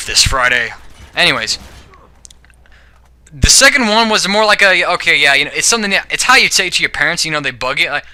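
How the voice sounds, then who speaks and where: A man talks his opinions straight to his viewers, rambling and stumbling over his own restarts. His voice sits a little high and rings very bright and sharp. He keeps checking in with a questioning "all right?". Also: sing-song, fairly quick, long pauses, smooth, dry recording. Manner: rambling, with frequent "you know" and "all right?"; self-correcting, stumbling restarts. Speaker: video blogger. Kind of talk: casual opinion monologue.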